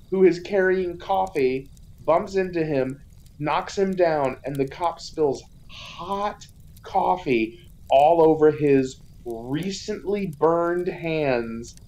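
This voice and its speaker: A woman co-hosting a laid-back film podcast. She talks slowly in a lowish voice and recaps scenes with animated, acted-out quotes. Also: poor audio. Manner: animated plot recap, acting out characters' lines. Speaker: podcast co-host. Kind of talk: casual movie review chat.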